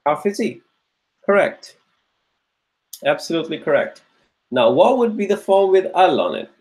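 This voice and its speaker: A man with a slightly high voice runs a grammar drill for an online class. He asks each question several times over and cheers on his students by name as they answer. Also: very animated, moderate pace, darkish tone, rough recording. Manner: patient, encouraging drill questioning. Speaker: Arabic grammar teacher. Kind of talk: live online class lecture.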